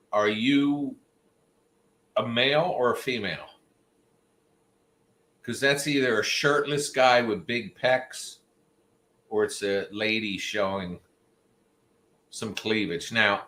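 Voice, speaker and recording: A livestream host with a lowish, sharp-toned voice chats casually with his viewers, telling rambling stories full of jokey asides. The recording has a roomy echo and a little hiss or hum.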